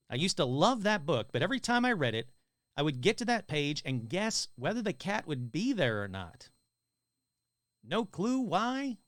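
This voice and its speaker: A man's voice: a little high, fairly bright tone, dry recording, studio quality. A man hosting a live podcast, reading listener stories aloud and chatting casually between them, joking and swearing. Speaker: podcast host.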